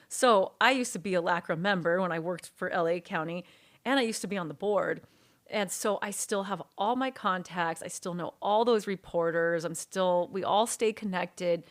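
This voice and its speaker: Woman telling her story animatedly. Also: on the low side. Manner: animated storyteller who acts out quoted dialogue. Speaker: court reporter guest. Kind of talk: storytelling in a casual interview.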